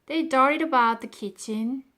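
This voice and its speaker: Storybook narrator, woman, slow, unhurried, expressive read with soft whispers. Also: high-pitched. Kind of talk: scripted narration.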